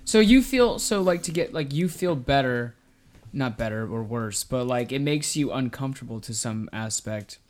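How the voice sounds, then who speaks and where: A man's voice: medium pitch, animated, moderate pace. A young man co-hosting a casual podcast chat, teasing and laughing often. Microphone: studio mic.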